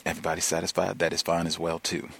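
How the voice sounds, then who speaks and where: A man with a very deep, gravelly voice hosts a call-in talk program. His tone is husky and rough. He speaks in a measured way, dropping frequent "uh"s between thoughts. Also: completely flat delivery, fairly bright tone. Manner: measured, many "uh" fillers. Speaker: talk show host.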